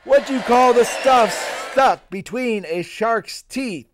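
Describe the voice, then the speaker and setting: Man doing a high-voiced bawdy pirate captain. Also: takes it slowly, crowd noise, noisy background. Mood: jokey. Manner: cracks puns and chuckles at his own jokes, piratey growls. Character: bawdy jolly male pirate captain telling jokes. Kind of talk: stand-up pirate character act.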